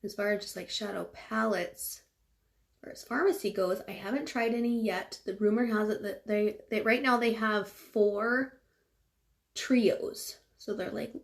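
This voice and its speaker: A woman's voice: medium pitch, gravelly. A woman from California chatting casually through a livestream while she does her makeup, rambling with lots of fillers.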